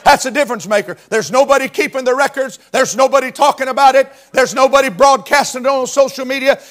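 High-voiced fervent male preacher. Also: steady tone, quick pace, hardly any pauses. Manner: fervent Southern-style preaching, rising to shouts. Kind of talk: sermon.

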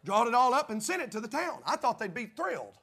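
A man's voice: very high voice, sing-song, quick pace, pushed and bright, slightly rough. A man preaching a sermon, telling a folksy story and working up to fervent preaching. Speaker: pastor.

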